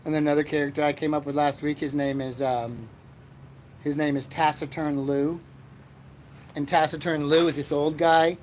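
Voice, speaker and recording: A man's voice: a little high, little pitch movement, normal speed, darkish tone, slight background noise. Male host, meandering and self-mocking, recorded outdoors on a porch with faint ambience. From Erie, Pennsylvania, USA. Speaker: podcast host. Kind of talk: rambling solo comedy podcast.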